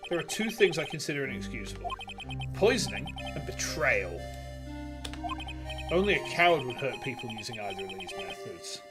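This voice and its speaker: A man's voice: big pitch swings, over music, natural voice. A man doing a brooding cool prosecutor. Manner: low, measured, brooding. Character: cool brooding male prosecutor, coffee-loving.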